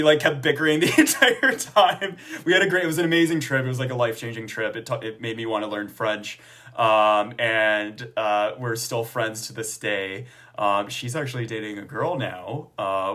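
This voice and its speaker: A man's voice: mid-range voice, fairly bright tone. A young man casually telling a personal story to the camera, chatty and conversational, with frequent fillers. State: tearful near the end. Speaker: author promoting his book.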